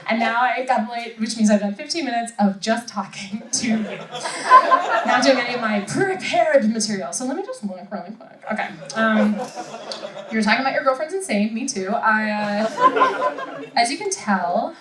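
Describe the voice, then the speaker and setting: A woman's voice: fairly high pitch, sing-song, moderate pace. A woman in her thirties doing stand-up with crowd work, chatty and self-mocking, laughing often. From Rochester, New York. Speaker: stand-up comedian. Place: comedy club stage. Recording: echoey room, far mic, loud crowd.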